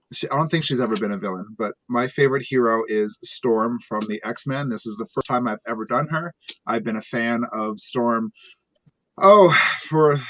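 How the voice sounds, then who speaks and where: A man's voice: mid-range voice, a bit bright, dry recording. Campy drag queen on a dry lo-fi stream. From South Central Pennsylvania, USA. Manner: playful and campy, teasing the others. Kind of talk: casual live-stream chat. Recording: dry, dull lo-fi stream audio.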